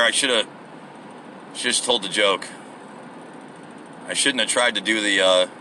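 A man's voice: mid-range voice, sharp tone, a little hiss or hum. A man hosting a rambling solo podcast from his car on the way to work, profane and self-deprecating. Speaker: podcast host.

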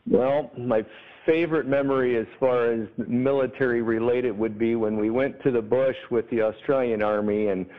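A veteran soldier recalls a proud moment with his mortar squad. His voice comes through a narrow, phone-like line. He sounds relaxed and talks at a middling pitch. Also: normal speed. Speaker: army veteran guest. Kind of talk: recalled anecdote.

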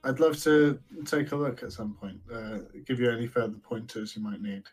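A man's voice: mid-range voice, moderate pace, husky, faint music behind. A man playing a tabletop game in a playful, chatty way, slipping into character. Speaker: player. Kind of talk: casual tabletop role-play.

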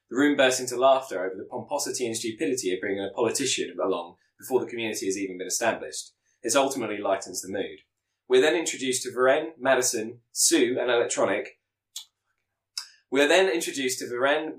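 A man hosting a podcast, recapping a story's plot in a steady storytelling delivery with the odd self-correction. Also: mid-range voice. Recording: roomy echo.

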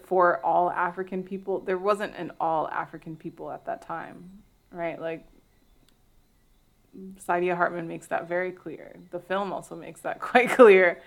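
Creaky-voiced woman in a thoughtful chat. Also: on the low side, a bit bright. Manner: thoughtful, talks with many fillers and restarts. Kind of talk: casual discussion.

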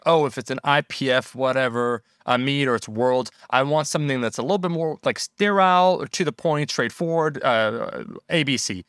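A man's voice: mid-range voice, fairly bright tone, no room sound, clean studio sound. A man hosting a podcast, asking long, rambling questions full of fillers in a casual interview. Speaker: podcast host.

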